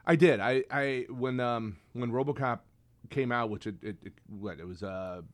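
A man's voice: medium pitch, normal speed. A man co-hosting a podcast, chatting casually and enthusiastically with lots of restarts. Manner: rambling, enthusiastic, frequent restarts. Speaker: podcast co-host. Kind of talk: casual chat.

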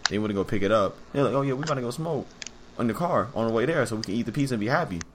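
A man's voice: medium pitch, lively intonation, racing, a little hiss or hum. A young man co-hosting a podcast, telling a story in laid-back slangy casual chat and swearing freely. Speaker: podcast co-host.

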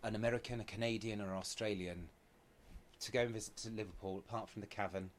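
A host chats in a low-pitched voice, playful and meandering as he asks questions. He laughs easily between thoughts. A faint room hiss sits under the recording. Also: fairly even intonation, quick pace. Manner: playful, rambling, laughs often. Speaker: podcast host. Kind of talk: casual interview chat. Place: theatre dressing room.

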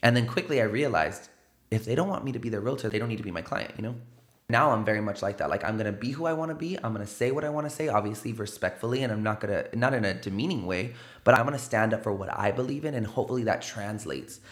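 A man's voice: lowish voice, animated, fast talker, fairly bright tone. A young man from San Antonio, Texas, a realtor talking candidly and earnestly in a studio interview. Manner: candid, earnest, filler-heavy. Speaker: guest realtor. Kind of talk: casual interview conversation. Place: indoor studio.

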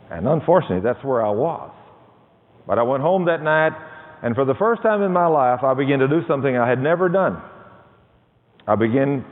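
A man preaching his testimony, his voice rising and falling widely as he acts out the voices in his story. The sound is thin and phone-like, ringing in a long hall reverb. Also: mid-range voice. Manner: storytelling, dramatic quoted dialogue. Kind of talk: sermon testimony.

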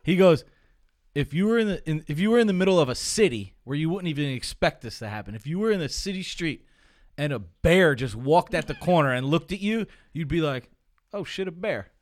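Podcast dude, really animated voice, acts out what people told him. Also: male voice, fairly high pitch, a little fast. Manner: lively, acts out quoted voices. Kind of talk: casual podcast chat.

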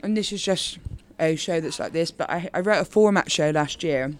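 A woman from Bristol with a Bristolian accent, chatting in an interview as a comedian guest in a rambling way full of quick asides. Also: low voice. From Bristol, England. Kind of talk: casual interview chat.

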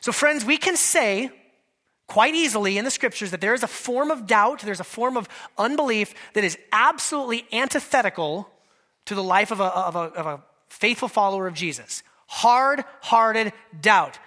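A male pastor preaching a lively, conversational sermon, acting out quotes from scripture figures. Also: high-pitched, normal speed.

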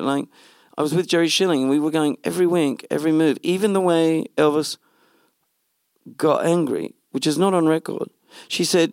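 A middle-aged man, a film director telling a lively story in an interview and acting out what others said. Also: medium pitch, brisk, creaky, no echo, clean studio sound. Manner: animated storytelling, acts out quoted speech. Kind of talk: interview conversation.

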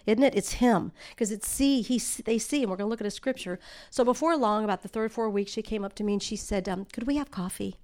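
A woman's voice: mid-range voice, fast talker, a little mellow. A middle-aged woman giving a sermon, telling personal stories in an earnest way and building to emphatic exhortation. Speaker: speaker at a church.

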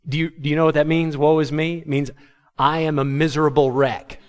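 A man preaching a sermon to his congregation, animated and humorous, acting out the words of biblical figures. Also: on the high side, moderate pace. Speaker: pastor.

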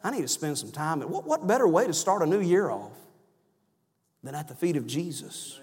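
Man, high-pitched Baptist-style preacher, emphatic and dynamic, in a reverberant sanctuary. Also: big pitch swings, moderate pace, breathy edge. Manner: rising to loud emphatic cries, then dropping low and soft. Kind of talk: sermon. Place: church sanctuary. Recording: long church reverb.

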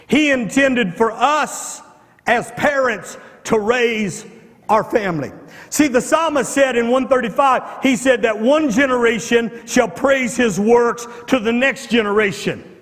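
A male pastor preaching a fervent sermon, repeating himself and firing rhetorical questions, at times rising to shouts. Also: extremely high pitch, a little slow. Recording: long hall reverb.

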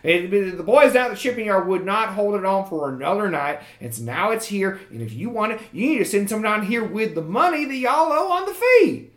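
A man's voice: high-pitched, sing-song, brisk, few pauses, echoey room. A man voicing a portly, irritable colonel in his late fifties, drawling and bossy in a tabletop game. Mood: exasperated.

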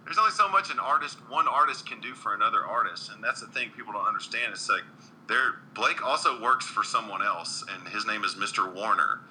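A man's voice: fairly low pitch, a little fast, bright, forceful tone, slight background noise, rough recording. A man, a country singer, chatting earnestly in an interview with frequent restarts and ums. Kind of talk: casual interview chat.

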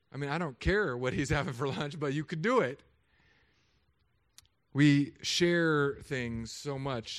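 A man in his thirties, a pastor, preaching a sermon with animated, humorous storytelling. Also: a little high.

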